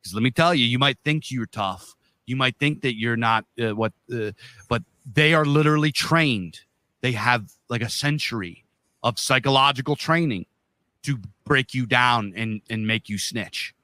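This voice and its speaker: A man's voice: mid-range voice, normal speed, bright, forceful tone, dry recording. A man co-hosting a podcast, telling a long story in a loose, profane, rambling way. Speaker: podcast co-host.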